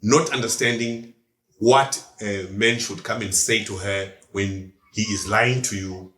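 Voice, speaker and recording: A man's voice: lowish voice, fairly bright tone. A man with a South African accent, co-hosting a podcast and giving his views in an emphatic casual chat with punchy asides. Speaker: podcast co-host. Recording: echoey room.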